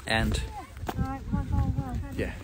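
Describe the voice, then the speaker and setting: A man talking casually to his viewers as he walks around a farm, chatty and rambling, with lots of fillers. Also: extremely slow. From England. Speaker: English teacher vlogger. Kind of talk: casual walking vlog. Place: outdoors on a farm. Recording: outdoor noise in the background.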